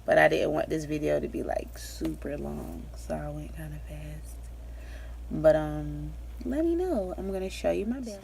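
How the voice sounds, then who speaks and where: Young woman, low-pitched, rambling casual vlogger, pregnant, faint background hiss. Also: normal speed, gravelly, darkish tone. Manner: chatty and rambling, with frequent fillers and laughs. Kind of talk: casual pregnancy update vlog.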